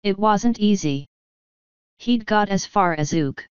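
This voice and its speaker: A woman narrating an audiobook in a measured, dry storytelling manner. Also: medium pitch, lively intonation, smooth, dry recording. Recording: dull lo-fi audio.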